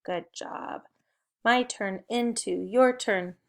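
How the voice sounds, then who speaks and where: A woman's voice: mid-range voice, slow, gravelly. A young adult woman, leading a recorded spelling and phonics lesson for young children with cheerful, encouraging call-and-response prompts. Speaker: teacher.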